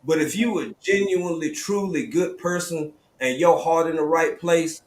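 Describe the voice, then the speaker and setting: Southern male host, animated storytelling delivery, slightly high voice, roomy sound. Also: normal speed. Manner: animated, storytelling, drawling slang. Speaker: live stream host. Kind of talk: casual panel talk. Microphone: video call.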